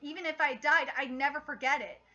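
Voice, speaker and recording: A woman reading aloud as a bitter male chef villain, halting with fillers. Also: high-pitched, steady tone, bright, forceful tone, highs cut off. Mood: brooding.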